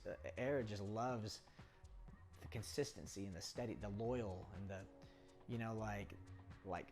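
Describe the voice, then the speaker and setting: A young man explaining personality types in a casual, rambling way, often laughing and restarting sentences. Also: medium pitch. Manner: chatty, rambling, laughs often, acts out quoted people. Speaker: poker coach. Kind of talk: casual talking-head explainer.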